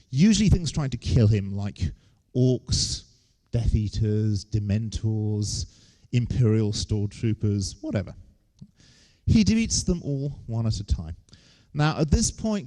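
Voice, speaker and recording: Wry man with lively intonation. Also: medium pitch. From England. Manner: wry, joking asides. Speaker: lecturer giving a talk. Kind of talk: humorous lecture on stage.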